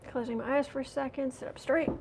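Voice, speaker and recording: A woman's voice: sits high, darkish tone, a little hiss or hum. A woman hosting a livestream as a tarot reader, chatting casually and sarcastically while reading out viewer comments.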